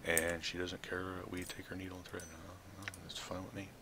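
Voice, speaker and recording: A man's voice: low voice, little pitch movement, a little fast, noisy background. A man hosting a let's play, reading game text aloud with dry, offhand asides. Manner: dry, offhand asides between read passages. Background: faint game music.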